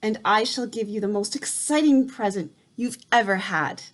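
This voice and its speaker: A woman voicing a sinister witch who tries to lure a boy down from a tree with a rasping voice. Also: mid-range voice, normal speed, close to an everyday voice. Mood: coaxing. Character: creepy rasping female witch luring a boy.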